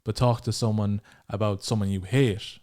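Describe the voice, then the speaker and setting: A man's voice: on the low side, fairly even intonation, normal speed, warm tone. An Irish man hosting a casual podcast interview, chatting eagerly about comedy. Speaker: podcast host.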